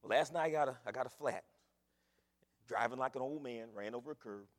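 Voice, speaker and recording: An older man preaching a sermon, swinging between loud fervent calls and low hushed asides. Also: brisk, big-room sound. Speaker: pastor.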